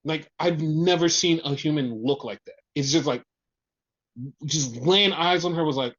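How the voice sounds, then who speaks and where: A man co-hosting a casual wrestling review podcast, telling the story excitedly, with lots of swearing and repetition. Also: a little high, measured pace, highs cut off. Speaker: podcast co-host.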